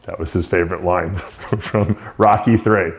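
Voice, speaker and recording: A man's voice: low-pitched, steady tone, a little slow. A male show host giving an unscripted spoken tribute to a late friend, reminiscing with frequent short laughs.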